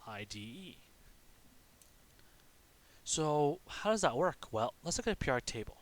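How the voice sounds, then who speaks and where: A male teacher with a lively, swinging pitch walks through a lesson one step at a time. He poses his own questions and answers them, dropping in frequent "okay?" check-ins. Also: brisk. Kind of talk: recorded classroom lesson.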